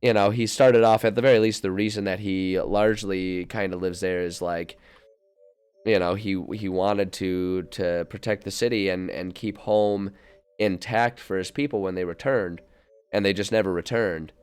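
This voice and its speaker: Rambling, chuckling young streamer. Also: male voice, low voice, normal speed, smooth. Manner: animated and rambling, laughs often, many fillers. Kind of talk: casual live-stream chat, thinking aloud. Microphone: desk mic. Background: faint music.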